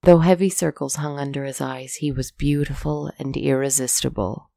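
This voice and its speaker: A woman narrating a fairy tale aloud in a measured, soft-spoken way. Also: very deep voice, fairly even intonation, creaky, dry recording. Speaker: storyteller.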